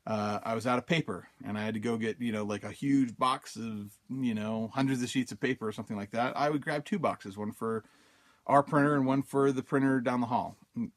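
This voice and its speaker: A man's voice: medium pitch, brisk. A man hosting a self-help podcast, telling a personal story casually, with many fillers, and acting out his own thoughts in quotes. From Utah, USA. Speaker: podcast host.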